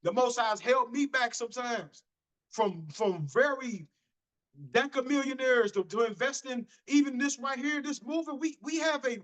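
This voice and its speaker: A man with a strikingly high voice delivers a motivational sales talk to his group. His tone is bright and forceful, and he stresses points by repeating and restarting phrases. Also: normal speed, low-quality recording. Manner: repetitive, emphatic, restarts phrases. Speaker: business motivational speaker.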